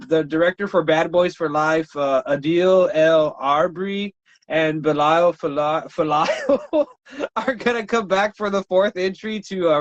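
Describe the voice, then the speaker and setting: High-voiced joking man. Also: no room sound, lo-fi sound. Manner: jokey, laughs often, riffs on mock voices. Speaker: podcast co-host. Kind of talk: casual movie podcast chat.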